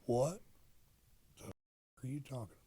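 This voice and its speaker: An older man, a retired wrestler, telling stories in a casual interview, profane and animated as he acts out old conversations. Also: mid-range voice, slow pace. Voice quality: gravelly, husky. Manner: profane, animated storyteller acting out quoted dialogue.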